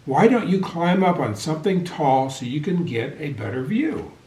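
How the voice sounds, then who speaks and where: A man's voice: fairly high pitch, sing-song, normal speed, darkish tone, a little hiss or hum. A man voicing a kindly mother nanny goat who speaks in a soothing, reassuring way. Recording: echoey room.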